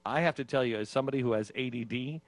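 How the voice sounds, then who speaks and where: Man, radio host, casual chat, self-mocking, mid pitch, dry studio sound. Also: racing, no echo. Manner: self-mocking, acts out his own panicked reactions with laughs.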